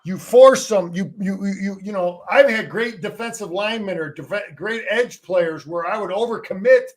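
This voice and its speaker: A man's voice: high-pitched, normal speed. A middle-aged man, a former player and coach, talking football as a guest in an emphatic, salty way, often repeating words as he restarts his sentences. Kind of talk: casual sports talk.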